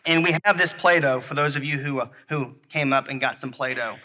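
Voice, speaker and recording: A man preaching a sermon, earnest and halting, often repeating himself and speaking to the children in the congregation. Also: medium pitch, bright, forceful tone. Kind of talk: sermon with object lesson.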